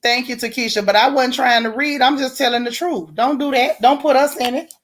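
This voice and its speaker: Woman, from Florida, livestream host, casual chat, blunt, animated, slangy, laughs a lot. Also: high voice, fairly quick. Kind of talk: casual livestream chat reading viewer comments.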